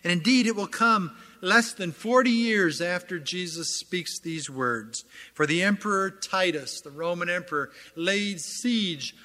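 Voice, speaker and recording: A man preaching a sermon in a slow, deliberate cadence, his voice bright and a touch high. His delivery is earnest, with dramatic pauses and swelling emphasis. The sound carries a long reverberant tail, as in a church hall. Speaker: pastor.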